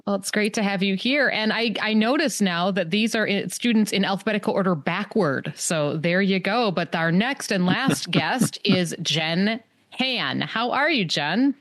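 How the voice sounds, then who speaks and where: A woman's voice: medium pitch, animated, normal speed, no echo. A woman hosting a casual chat, asking questions and joking between answers. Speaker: host.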